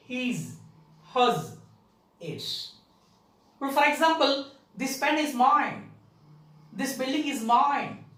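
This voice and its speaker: A woman teaching a grammar lesson, repeating words slowly and stressing key terms. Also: a little high, fairly bright tone. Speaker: English teacher. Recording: echoey room, far from the mic.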